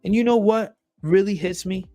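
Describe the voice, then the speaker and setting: Solo podcast host, male, blunt and emphatic, cursing freely, slightly raised pitch. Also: normal speed, creaky, dark tone, faint music behind. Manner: blunt and emphatic, swears often, repeats phrases.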